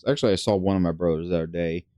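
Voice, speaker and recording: Low, smooth-voiced man rambling through a game. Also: fairly even intonation, very fast, warm tone, no room sound. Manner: rambling, filler-heavy, casual swearing; drops to a mutter when thinking aloud. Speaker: gaming channel host. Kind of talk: casual let's play commentary.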